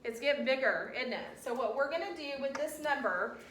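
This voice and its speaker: Woman, teacher; patient, coaxing classroom delivery; higher pitch; distant, roomy room sound with faint background noise. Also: expressive, fairly quick, fairly bright tone. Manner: patient, coaxing, talks students through steps. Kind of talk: classroom instruction.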